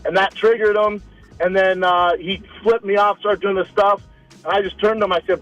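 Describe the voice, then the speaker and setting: A man in his thirties, a guest telling a story in a casual interview, animated, repeating words and acting out what others said. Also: sits high, moderate pace, lo-fi sound, soft background music. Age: 30s. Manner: animated, repeats words, acts out quoted lines. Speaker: guest, retired fighter turned comic.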